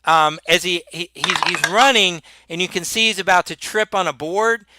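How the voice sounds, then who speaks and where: A man narrating as game master of a tabletop role-playing game, with many halting restarts. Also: sits high, background noise.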